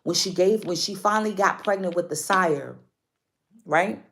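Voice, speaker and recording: A woman's voice: fairly low pitch, moderate pace, a bit bright, a little hiss or hum. A woman giving a casual spiritual card reading to her viewers. She speaks emphatically, repeats her points and often asks if they follow her.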